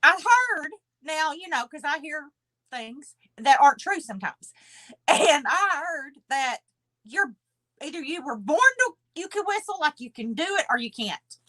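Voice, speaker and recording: Very high-pitched, giggly woman guest. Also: unhurried. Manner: giggly, animated storyteller. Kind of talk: casual chat.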